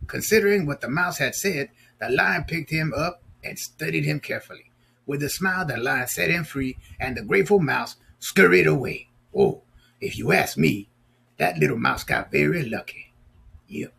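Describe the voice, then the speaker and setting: Gravelly, playful storyteller man. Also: fairly high pitch, big pitch swings, moderate pace, sharp tone. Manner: playful, chatty, asks kids questions. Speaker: storyteller reading to children. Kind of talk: storybook read-aloud with asides.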